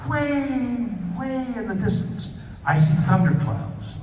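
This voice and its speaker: Slow and sing-song, a man with a very high, somewhat dark-toned voice tells a meandering, self-mocking tale on stage, often starting over. He's a guest speaker in a big convention hall. A distant mic captures the echo along with a little hiss or hum.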